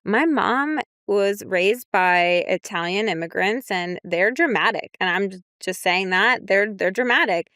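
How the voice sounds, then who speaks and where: A woman's voice: mid-range voice, a little slow, hardly any pauses, a bit bright, no echo, clean studio sound. A young adult woman, a clinician, talking things through reflectively on a podcast, often checking in with "right?". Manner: reflective, many fillers like "right?" and "you know". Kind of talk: casual podcast discussion.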